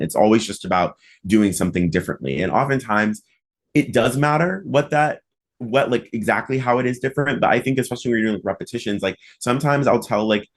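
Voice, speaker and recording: A man hosting a podcast in casual conversation, his voice sitting a little low. He talks in a loose, chatty way, filling his sentences with "like" and punching key words with animated emphasis. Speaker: podcast host and mock trial coach.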